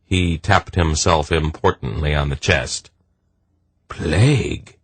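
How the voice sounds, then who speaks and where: A man narrating a fantasy audiobook in a measured, deliberate reading. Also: rumbling low, fairly even intonation, fairly bright tone, slightly rough, dry recording. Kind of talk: scripted narration.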